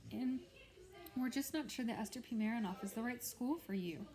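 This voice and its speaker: A woman doing a gentle worried father. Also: fairly high pitch, moderate pace, voice pushed up, close to an everyday voice. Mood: soothing. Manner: soft, soothing.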